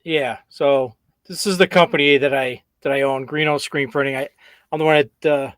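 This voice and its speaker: A man's voice: medium pitch, steady tone, moderate pace, a bit bright, no echo, studio quality. A man co-hosting a casual live-stream chat, telling a story and rambling with stops, restarts and frequent uh's. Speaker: co-host, screen printing business owner.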